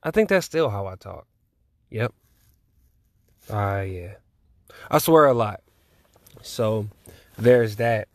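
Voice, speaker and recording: A man's voice: lowish voice, expressive, takes it slowly, long pauses, no room sound, clean studio sound. A man in his twenties, hosting a podcast alone, rambling casually with lots of swearing and laughter. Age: 20s. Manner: profane, laid-back and rambling, with frequent laughs. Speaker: podcast host. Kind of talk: casual solo chat.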